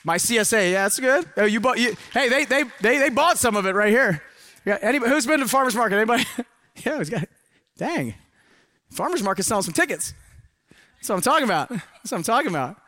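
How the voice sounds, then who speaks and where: A middle-aged man speaking at a live seminar with a high, bright and forceful voice. He preaches with energy and drops into hushed asides between loud urging. The sound is dry and close. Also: expressive, quick pace, dry recording. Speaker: motivational speaker. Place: event hall with a live audience.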